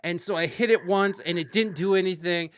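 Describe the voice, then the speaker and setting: A man hosting a podcast, casually telling a profane story with loud panicked outbursts and asides to live-stream viewers. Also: high-pitched, a little fast, slight background noise. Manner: animated, profane, swings into loud panicked outbursts when quoting himself. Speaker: podcast host.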